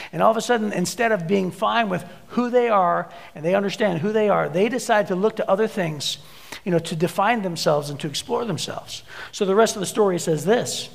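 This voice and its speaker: High, gravelly preacher in a reverberant hall. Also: male voice, fairly quick. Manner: storytelling, acts out voices in anecdotes. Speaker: pastor. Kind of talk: sermon.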